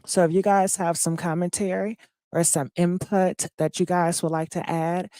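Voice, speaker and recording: A woman hosting a casual live-stream gossip commentary, just woken up and low on energy, chatting directly to her viewers with plenty of fillers. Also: little pitch movement, normal speed, dark tone, no room sound, studio quality.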